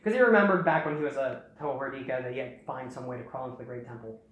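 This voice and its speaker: A young man hosting, casually recapping a story in a rambling way and slipping into quick snippets of character dialogue. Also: mid-range voice, dull audio. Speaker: host. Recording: very echoey room.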